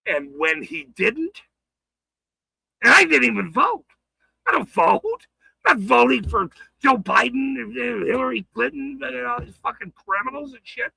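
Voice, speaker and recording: An angry man ranting on his livestream, swearing hard, stammering and shouting. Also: very high-pitched, sing-song, a little slow, vocal fry, husky, dry recording, poor audio. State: furious.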